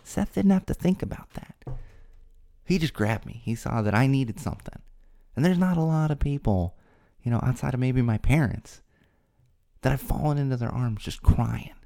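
Gravelly, mellow-voiced man telling a story. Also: mid-range voice. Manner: earnest, candid, talks from the heart. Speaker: podcast host. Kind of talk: personal storytelling.

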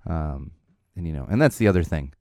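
A man's voice: rumbling low, animated, brisk, darkish tone, no room sound, clean studio sound. A man in his thirties from the Los Angeles area hosting a podcast, talking in a rambling, casual way with lots of fillers, laughs and the odd swear word. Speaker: podcast host. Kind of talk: casual chat. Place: studio.

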